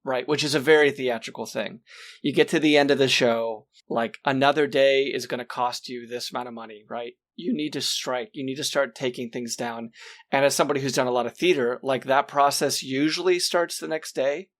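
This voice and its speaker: A man's voice: medium pitch, steady tone, fairly quick, fairly bright tone. A man talking at length as a podcast guest in a casual movie discussion, often checking in with "right?". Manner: talkative, explains at length, peppered with "right?".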